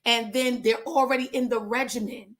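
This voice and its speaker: A woman in her thirties talks casually to fellow trichologists, her voice sitting a touch high. She is animated and slangy, wanders off into jokes and asides, then comes back to her point. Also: normal speed. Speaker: trichologist giving business advice. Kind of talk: casual educational talk.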